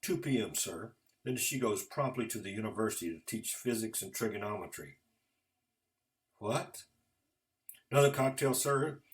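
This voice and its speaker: A courteous bartender serving customers, voiced by a man reading a story. He speaks politely in a low, animated voice. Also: normal speed, long pauses, natural voice.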